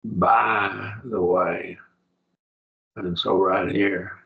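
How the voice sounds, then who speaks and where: A man's voice: low voice, fairly even intonation, drawn-out words, creaky, dull audio. A man teaching a college-level Bible study class, taking his time as he works through Greek grammar point by point and checking in with his students.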